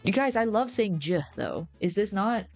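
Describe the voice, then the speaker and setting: A woman's voice: medium pitch, animated, normal speed, a little mellow, faint music behind. A young woman streamer chatting casually to her viewers in a playful, rambling way.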